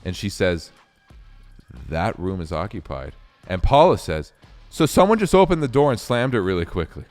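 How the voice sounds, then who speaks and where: A man's voice: sits low, normal speed, faint music behind. A young man from Canada, a streamer, telling a rambling road-trip story with lots of swearing and fillers. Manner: animated, profane, rambling with many fillers. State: recounting a sleepless night drive. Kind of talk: casual storytelling.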